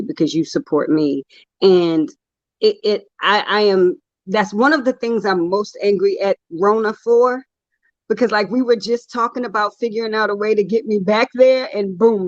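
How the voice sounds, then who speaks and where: A woman's voice: mid-range voice, normal speed, no room sound. A woman in her thirties chats with candid, self-mocking humor. Her voice sits dry and close, with slightly dull, muffled audio. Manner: candid, humorous storytelling with laughs. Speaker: poet guest. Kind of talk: casual chat.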